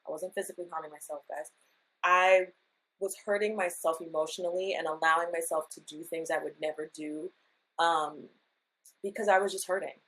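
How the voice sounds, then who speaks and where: Lady guest on a chat podcast, kinda low voice, pours out her story and does little voices of her old self. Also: steady tone, brisk, a bit bright, low-quality recording. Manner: emotional, confessional storytelling; acts out her past self in quotes. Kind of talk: candid casual chat.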